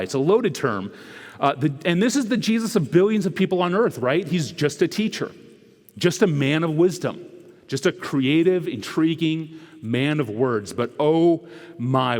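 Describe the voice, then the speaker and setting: A male preacher giving a conversational sermon, tossing in rhetorical asides and swinging between loud, quick bursts and hushed, slow lines. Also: a little high. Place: church sanctuary. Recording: echoey church hall.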